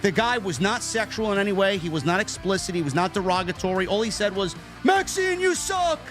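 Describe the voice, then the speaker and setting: A New York man hosts a casual wrestling review show, reading super chats and launching into blunt, animated rants laced with swearing. His voice sits high and he talks fast, with faint music behind him.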